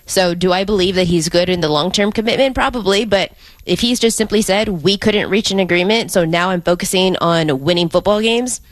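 A woman co-hosting a sports talk radio show, laying out her argument in a measured, step-by-step way. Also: lowish voice, no room sound. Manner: measured, methodical, building her points step by step. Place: radio studio.

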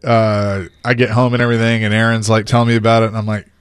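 Brief: relaxed sports radio co-host, mid-pitched voice, dry studio mic. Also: male voice, quick pace, clear, resonant tone, no echo. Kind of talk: casual sports radio chat.

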